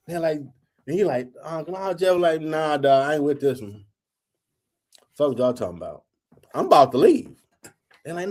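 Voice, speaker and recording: A man's voice: on the high side, lively intonation, moderate pace, pauses often, a little mellow. A man in his forties, the host, telling a story casually and profanely, acting out quotes in a raised voice.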